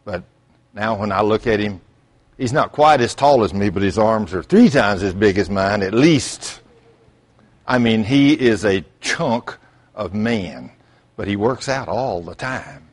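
Older pastor preaching with lively swings. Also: male voice, lowish voice, unhurried. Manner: animated preaching with rhetorical questions and sudden outbursts; folksy storytelling. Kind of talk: sermon.

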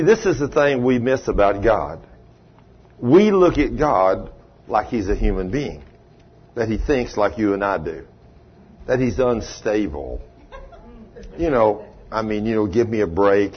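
A husky-voiced man delivers a folksy sermon full of homespun stories. His voice rises into loud bursts, then drops low and quiet. The recording is muffled and lo-fi. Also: expressive, a little slow, pauses often. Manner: folksy storytelling, swinging between loud and hushed. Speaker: preacher. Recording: dull lo-fi recording.

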